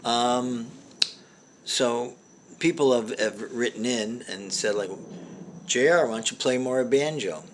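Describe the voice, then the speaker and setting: A middle-aged man hosting a comedy show, telling a rambling deadpan monologue full of fillers and restarts. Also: mid-range voice, slow, slight background noise.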